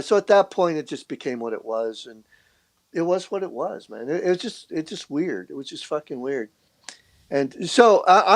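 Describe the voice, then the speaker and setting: Profane, rambling man telling a story. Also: on the high side. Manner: profane, rambling, with repeated restarts; acts out other people in quoted dialogue. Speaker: podcast guest, street artist. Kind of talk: casual storytelling chat.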